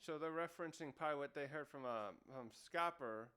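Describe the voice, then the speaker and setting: A man's voice: fairly high pitch, a little fast, sharp tone, clear, resonant tone. A man casually reviewing a comic chapter, thinking aloud and often correcting himself mid-sentence. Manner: rambling, thinking aloud with frequent self-corrections. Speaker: manga reviewer.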